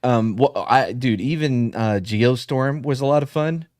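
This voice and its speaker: A man's voice: mid-range voice, measured pace, a little mellow, no echo, studio quality. A man co-hosting a podcast in casual chat, joking, profane and sarcastic. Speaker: podcast co-host.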